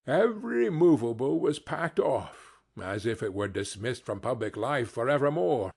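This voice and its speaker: A man narrating a classic novel as an audiobook, reading in an expressive, unhurried way. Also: medium pitch, creaky, husky. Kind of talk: scripted narration.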